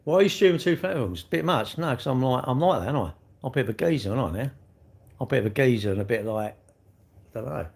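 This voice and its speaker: A man's voice: medium pitch, expressive, fast talker, vocal fry. An older man, chatting casually on a live stream, blunt and teasing as he answers comments. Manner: blunt, teasing banter with chat. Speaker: livestreamer.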